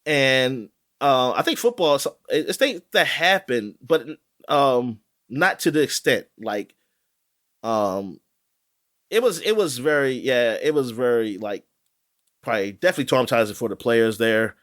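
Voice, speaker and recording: A man co-hosting a podcast in casual chat, rambling and animated, with many fillers and restarts. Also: medium pitch, measured pace. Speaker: podcast co-host. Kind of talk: casual chat about sports.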